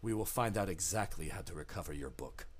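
A man voicing a sinister male host who leads a party down into a dungeon, speaking low, hushed and commanding. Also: animated, fairly quick, slightly rough. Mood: ominous.

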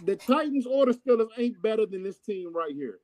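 A man co-hosting a casual sports chat, loud and brash, teasing viewers by name as he reads their picks. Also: high voice, sing-song, a little fast. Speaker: co-host reading viewer comments.

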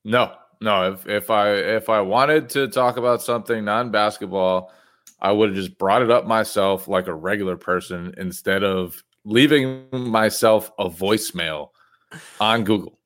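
A straight-laced man co-hosting a podcast, answering his partner in dry, impatient casual chat. His voice is fairly low. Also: measured pace, a bit bright. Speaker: podcast co-host.

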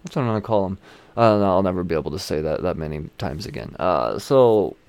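A man's voice: low voice, lively intonation, fairly quick, gravelly, a little mellow, no room sound. A man casually recapping a comic issue, rambling, swearing freely and chuckling as he goes. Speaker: comic book reviewer.

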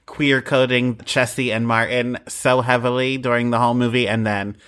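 Male co-host, bright forceful tone, jokey and quick to laugh. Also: mid-range voice, little pitch movement, clear, resonant tone. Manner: playful, laughs while talking. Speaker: podcast co-host. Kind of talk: casual chat.

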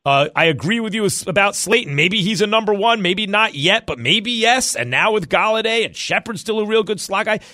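A man hosting a sports radio show, talking football in a jokey, animated way. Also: dry recording. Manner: animated, jokey, rapid swings in pitch.

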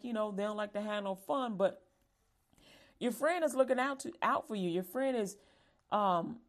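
A woman teaching a Bible lesson to young people, lively and acting out calls and warnings. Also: on the high side.

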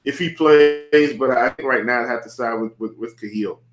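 A man's voice: mid-range voice, moderate pace. Male co-host, mid-range voice, easygoing, recorded in a reverberant room. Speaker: podcast co-host. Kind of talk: casual sports podcast chat. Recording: echoey room.

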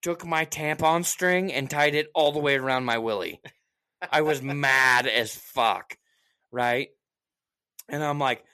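A man in casual chat telling a story as a profane, animated rant, with mocking asides. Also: mid-range voice, measured pace, smooth.

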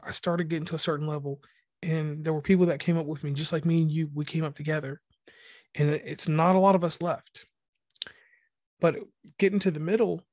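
Fast-talking rambling male podcast host. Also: a little high, a little mellow, no room sound, clean studio sound. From rural Mid-Atlantic US. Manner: rapid, rambling delivery with many restarts. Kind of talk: casual podcast interview.

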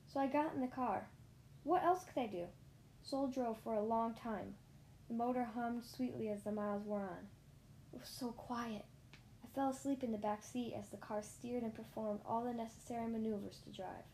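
A woman reads a children's story aloud in a lively first-person telling. Her voice sits a little high. She now and then stumbles on a word and starts it again. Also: normal speed, slight background noise. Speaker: narrator.

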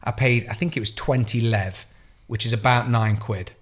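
English bloke on a podcast, swearing a lot and telling a big animated story. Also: male voice, mid-range voice, normal speed. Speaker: podcast co-host. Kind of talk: casual chat.

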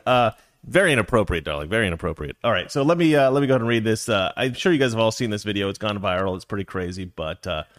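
A man's voice: fairly low pitch, expressive, racing, fairly bright tone, dry recording, clean studio sound. A man co-hosting a casual talk show, reading news stories aloud and commenting in a sarcastic, heated, mock-serious way.

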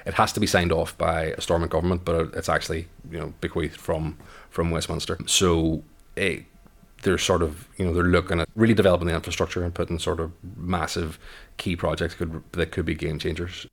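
A man's voice: low-pitched, level tone, fairly quick. A man with a Derry accent, talking as a local guest in a hesitant, rambling way, full of fillers. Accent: Derry, Northern Irish.

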